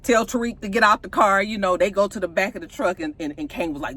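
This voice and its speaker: A woman casually recapping a TV episode, animated and profane, acting out the scenes as she goes. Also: medium pitch, fast talker, hardly any pauses. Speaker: TV show reviewer.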